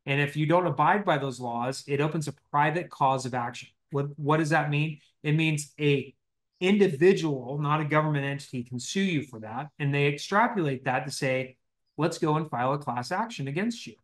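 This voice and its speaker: A man's voice: on the high side, normal speed. A man co-hosting a podcast, explaining legal compliance in a casual, joking way with false starts. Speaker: legal compliance expert, co-host.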